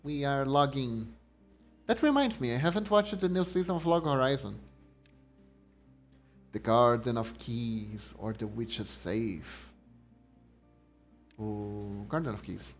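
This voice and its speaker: A man's voice: medium pitch, slow pace, long pauses. A young man streaming a game, musing to himself and reading the game text aloud. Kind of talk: casual game commentary. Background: faint game music.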